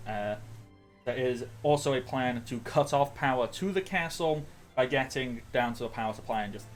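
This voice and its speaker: A man's voice: medium pitch, moderate pace. Man recapping the last tabletop session, loose and rambling, faint music behind. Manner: rambling, lots of ums and self-corrections. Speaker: player giving the session recap. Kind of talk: casual recap of a tabletop game.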